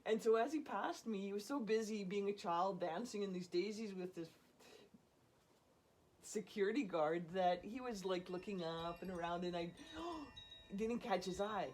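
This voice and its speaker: A woman casually telling a personal story in an animated way, often laughing and acting out what people said. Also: medium pitch, moderate pace, slight background noise. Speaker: storyteller guest.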